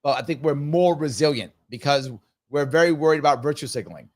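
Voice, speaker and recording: Reading viewer comments aloud on a live stream, a fifty-something host answers them in a casual, reflective way and tends to repeat his phrases. He speaks briskly and expressively, with a slightly high voice and a darkish tone.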